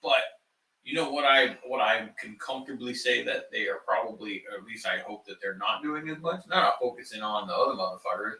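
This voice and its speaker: Fast-talking teasing host. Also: male voice, lowish voice, sharp tone, recorded from a distance. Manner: teasing, interrupting, profane. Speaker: podcast host. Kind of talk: casual podcast chat. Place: garage. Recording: roomy garage, off-mic.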